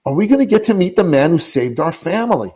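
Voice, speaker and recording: A man's voice: a little high, very animated, quick pace, warm tone, breathy edge, voice pushed up. A man putting on the voice of a young boy asking his mother questions. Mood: eager.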